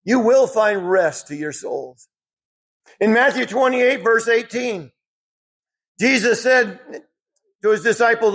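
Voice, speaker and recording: A man preaching a sermon, rising emphatically when quoting scripture and dropping low for asides. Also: slow pace, long pauses, a bit bright, husky.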